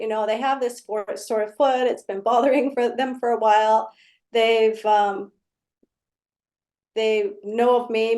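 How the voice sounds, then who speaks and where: Higher-voiced woman healer explaining. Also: a little mellow. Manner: storytelling, acts out client exchanges. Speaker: energy healer. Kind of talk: conversational explanation.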